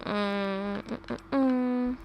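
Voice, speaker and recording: A woman giving casual gameplay commentary. She is chatty and a little hesitant, wandering into asides. Her voice is gravelly and fairly flat in pitch. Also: very slow, soft background music. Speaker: gaming channel host.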